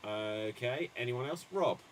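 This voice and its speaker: A man hosting an improv comedy show, calling on players and delivering pun jokes with a dry pause. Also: mid-range voice, animated. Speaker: improv game host.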